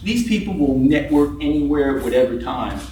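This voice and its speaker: A man delivering a comic club speech, wry and storytelling, his voice sitting a little high for a man. He is recorded from a distance in an echoey meeting room, with faint background noise. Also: animated, brisk, dark tone. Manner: wry storytelling, acts out quoted people. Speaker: club speaker. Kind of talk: humorous prepared speech.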